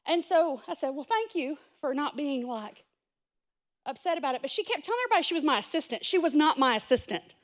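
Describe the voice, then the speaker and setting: A woman pastor, preaching a sermon through a lively, self-mocking story, acting out what people said. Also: high voice, fairly quick. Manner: animated, self-mocking storyteller who acts out quotes.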